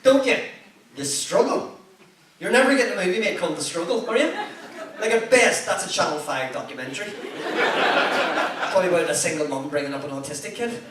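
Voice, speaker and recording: A man's voice: sits high, animated, quick pace. A man in his thirties with a Northern Irish accent from Belfast, doing a stand-up set with swearing, self-mockery and crowd work. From Belfast, Northern Ireland. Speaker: stand-up comedian. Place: comedy club stage with a live audience. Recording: echoey venue, heard from a distance, audible noise.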